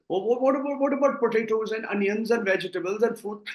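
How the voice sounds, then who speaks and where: A man's voice: sits high, lively intonation, fairly quick, echoey room. A man with an Indian English accent, a political analyst giving impassioned interview commentary, emphatic and often repeating words as he starts a thought.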